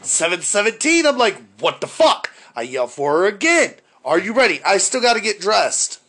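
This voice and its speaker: A man's voice: high voice, big pitch swings, moderate pace, sharp tone. A man telling a profane, exasperated story about his day in casual chat.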